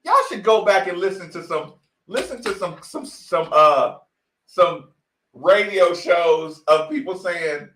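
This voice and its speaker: Podcast host, man, heated ranting delivery, unhurried and high-pitched. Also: fairly bright tone, echoey room. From Asheville, North Carolina. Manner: heated, ranting, laughs often, cusses. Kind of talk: opinionated sports talk.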